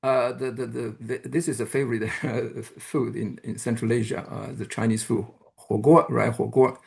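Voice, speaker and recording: A man giving an academic lecture who explains step by step, pauses often and checks in with the audience. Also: mid-range voice, level tone, vocal fry, a little mellow. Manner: hesitant, with frequent "uh" and restarts. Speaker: university lecturer.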